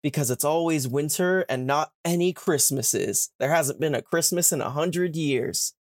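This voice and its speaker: A man's voice: on the high side, no room sound, clean studio sound. Young man retelling a story in a chatty way. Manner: retells the plot with quick put-on character voices. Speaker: podcast host. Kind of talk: casual chat, retelling a story.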